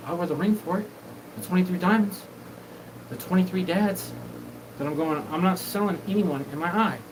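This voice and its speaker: Rambling man over background noise. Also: fairly high pitch. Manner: disjointed, profane, jumps between topics. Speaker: show host. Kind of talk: rambling live monologue. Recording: noisy background.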